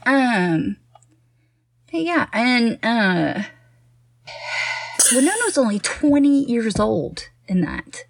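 A woman co-hosting a podcast in casual film chat, animated, laughing often and restarting her sentences. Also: fairly high pitch, drawn-out words, vocal fry, pauses often, dry recording, studio quality. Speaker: podcast co-host.

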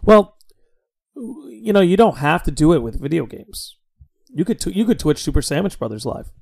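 Man, fairly high voice, podcast host, casual chat, excitable, swears freely. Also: moderate pace, vocal fry. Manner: profane, excitable interviewer.

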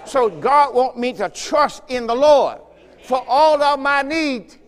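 A man's voice: very high-pitched, takes it slowly, long reverb tail. A man preaching a fervent sermon as pastor, repeating phrases and urging his listeners on. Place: church sanctuary.

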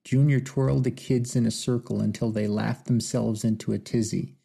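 A man narrating an audiobook in a measured, somber storytelling manner. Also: mid-range voice, fairly even intonation, gravelly, mellow, breathy edge. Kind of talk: scripted narration.

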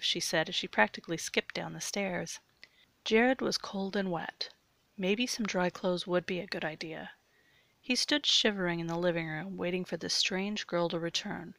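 A woman narrating an erotic audio story in a steady, measured way. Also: fairly low pitch, creaky, dry recording.

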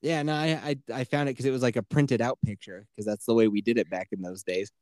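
A man co-hosts a podcast, telling stories in a loose, profane way and slipping into quoted voices during casual chat. His mid-range voice is steady, fast and a little mellow, recorded in studio quality with no echo.

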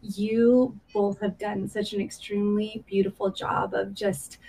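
A woman's voice: mid-range voice, level tone, unhurried, vocal fry, dark tone, a little hiss or hum, rough recording. A woman pastor as a podcast guest, earnest and gracious in casual conversation.

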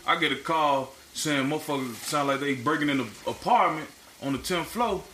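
Profane, animated man telling stories in a roomy space. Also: a little high, moderate pace. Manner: animated, profane storytelling with acted-out quotes. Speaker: podcast co-host. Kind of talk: casual storytelling chat. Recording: roomy echo, faint background noise.

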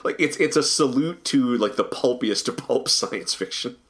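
A man co-hosting a casual podcast discussion with an enthusiastic, animated delivery. He often doubles up words as he gets going, and his voice sits at an ordinary middle pitch. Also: moderate pace. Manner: enthusiastic, animated, repeats words when starting. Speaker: podcast co-host.

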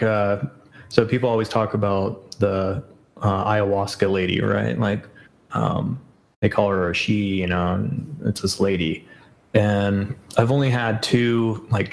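A man's voice: lowish voice, vocal fry, rough recording. A man as a podcast guest in casual chat, rambling with many fillers and self-corrections.

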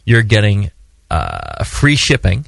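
A man's voice: lowish voice, huge pitch swings, slow, gravelly, a bit bright, no echo. A man hosting a podcast, reading a sponsor spot in a loose, joking, rambling way. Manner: rambling, joking, repeats himself. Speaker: podcast host. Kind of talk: casual podcast ad read.

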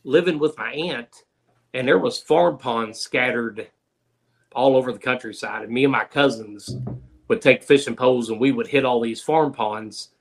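A man's voice: mid-range voice, moderate pace. A man, a guest in a casual interview, telling fishing stories in an easygoing, folksy way. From Kentucky.

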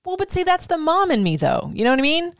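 A middle-aged woman hosting a casual chat, telling a story with swearing and lively acted-out quotes. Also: sits high, fast talker, creaky, no echo, studio quality. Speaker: podcast host.

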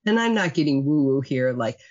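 A woman guest writer in casual podcast chat, animated and laughing as she talks. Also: very deep voice, fairly quick. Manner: animated, laughs while talking. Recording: dull lo-fi audio with faint music.

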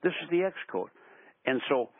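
An older man, a basketball coach, tells animated stories in a radio interview, acting out the quotes. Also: on the high side, moderate pace, breathy edge, no room sound. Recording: tinny phone-line sound.

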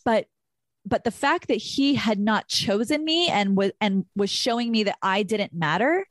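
A woman's voice: medium pitch, lively intonation, a little slow, no echo, clean studio sound. A woman hosting a podcast, talking frankly and emotionally about her own relationships and swearing freely in a candid conversation. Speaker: podcast host.

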